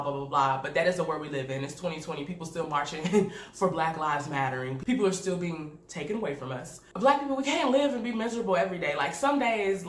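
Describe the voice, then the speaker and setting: A woman video reviewer gives casual reaction commentary in a low-sitting voice, candid and animated, laughing often. She is recorded in an echoey room with faint background noise.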